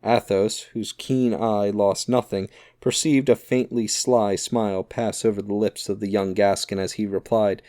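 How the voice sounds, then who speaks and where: A man's voice: lowish voice, steady tone, measured pace, few pauses, warm tone, dry recording. Man narrating a classic novel, dry sound. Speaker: audiobook narrator.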